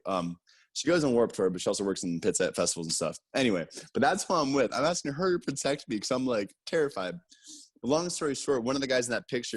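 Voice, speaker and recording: A man casually telling a personal story, animated, jumping his voice up to act out what people said. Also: no room sound. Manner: animated, acts out quotes with raised pitch. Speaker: guest storyteller.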